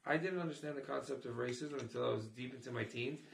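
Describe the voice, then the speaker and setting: A middle-aged man from Canada, a comedian hosting a casual podcast, telling loud swearing stories with put-on voices. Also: medium pitch, fast, creaky, echoey room, slight background noise.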